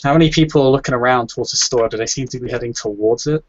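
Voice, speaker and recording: A man's voice: medium pitch, racing, no room sound. A man playing a tabletop role-playing game, describing his character's moves with many fillers. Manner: hesitant, with many fillers and restarts. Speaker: player. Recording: dry, dull lo-fi recording.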